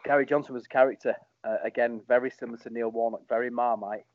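A former football captain chats through old match memories in a loose, rambling way. His voice sits at an ordinary male pitch and has an animated lilt. The recording is dry and slightly dull. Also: fast, no echo. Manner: animated, rambling, lots of ums. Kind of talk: casual storytelling interview.

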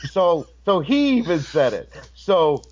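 A man's voice: a little high, takes it slowly, highs cut off. A man who is a guest on a podcast, telling a story in casual talk and acting out the voices in it. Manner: animated, acts out voices in his stories.

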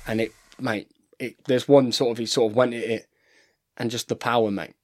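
A man's voice: medium pitch, fairly even intonation, normal speed, a little mellow. A man in his thirties, a rugby player chatting casually as a podcast guest, telling stories and saying "mate" all the time. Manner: chatty storyteller, says "mate" constantly. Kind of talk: casual chat.

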